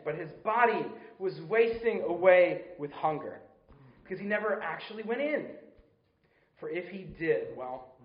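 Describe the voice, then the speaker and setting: A man's voice: high-pitched, echoey room, muffled recording. A man preaching a sermon in an earnest, conversational way, often asking his listeners questions.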